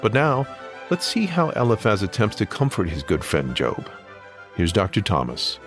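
Male program host, very low and gravelly, animated delivery, music bed underneath. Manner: smooth, measured announcing. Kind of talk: scripted broadcast introduction.

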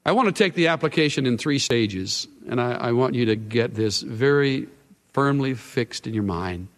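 A male pastor preaching a sermon in an earnest way, his voice swelling and then dropping to a hush. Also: mid-range voice, lively intonation, moderate pace. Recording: long hall reverb.

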